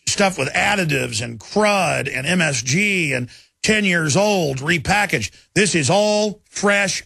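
A man's voice: high-pitched, gravelly, sharp tone, slightly rough, no room sound. A man hosting a talk radio show, ranting emphatically and repeating himself for force.

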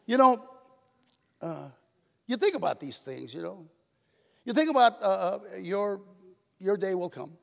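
A man's voice: high voice, lively intonation, a little slow, vocal fry, long pauses, a bit bright. Older man telling stories in an echoey hall. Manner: storytelling, mimics his mother's voice, emotional. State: tearful. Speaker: comedian giving award speech. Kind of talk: stand-up style speech at a banquet. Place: hotel ballroom.

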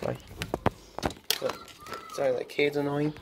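A man at home casually showing off his DVD collection, reading out running times in a halting, stumbling way. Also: mid-range voice, creaky. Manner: shouts at noisy kids, then apologizes. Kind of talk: casual home video show-and-tell. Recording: faint background noise.

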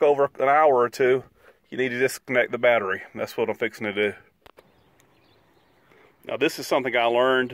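A man vlogging casually outdoors beside his RV, walking viewers through the steps in a folksy, chatty way. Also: mid-range voice. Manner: folksy, chatty, explains step by step. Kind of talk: casual how-to vlog.

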